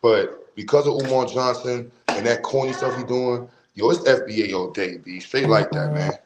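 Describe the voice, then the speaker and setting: A man's voice: medium pitch, normal speed. Fired-up New man on a livestream. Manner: blunt street slang, rambling and heated. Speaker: livestream host. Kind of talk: casual livestream rant. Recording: roomy, with loud background noise.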